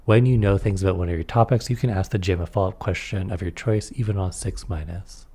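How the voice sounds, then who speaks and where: A man's voice: deep voice, fairly even intonation, quick pace, dark tone, breathy edge. A man reading aloud through a tabletop game rulebook and adding casual comments on the rules. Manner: reads rules aloud, then comments offhandedly.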